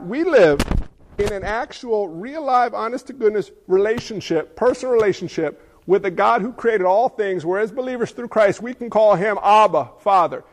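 A man's voice sits high for a man as he preaches a sermon. He is middle-aged and talks in an animated, conversational way. He often turns aside to question the congregation directly. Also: long reverb tail. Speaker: pastor.

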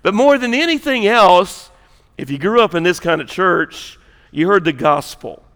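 A man's voice: high voice, lively intonation, moderate pace, fairly bright tone. A man who is a lead pastor, preaching a sermon, joking and conversational with rising emphasis. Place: church auditorium. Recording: long hall reverb.

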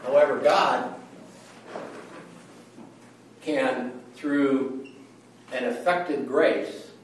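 Unhurried man teaching in an echoey room. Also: mid-range voice, steady tone, distant mic, a little hiss or hum. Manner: conversational, often checks in with "right?". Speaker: Bible study teacher. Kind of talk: Bible study lecture.

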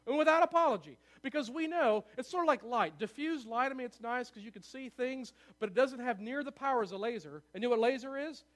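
A man preaching a sermon to his church, excitable and fast-talking, often asking the room for agreement. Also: extremely high pitch. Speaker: pastor. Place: church sanctuary.

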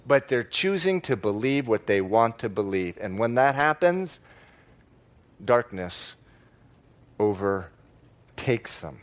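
A man preaching a sermon to a congregation in church, stressing key words by slowing down and repeating phrases. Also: medium pitch, very animated, a bit bright. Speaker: pastor.

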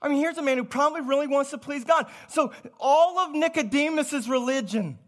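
Brief: high-pitched male preacher, conversational, animated sermon delivery. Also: brisk. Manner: lively, conversational, swings between loud and hushed.

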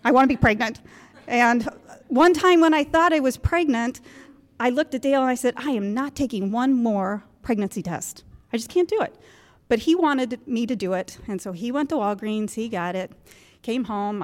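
Woman in her 50s telling her story to a moms group, kinda high voice, laughs at herself a lot. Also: moderate pace, long reverb tail. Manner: candid, self-mocking, laughs often. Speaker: guest speaker at a moms' group. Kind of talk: personal talk to an audience. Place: church gym.

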